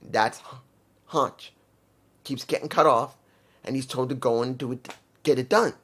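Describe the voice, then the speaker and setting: A man's voice: mid-range voice, a little slow, fairly bright tone, breathy edge. A man casually reviewing a wrestling show, rambling and circling back to correct himself.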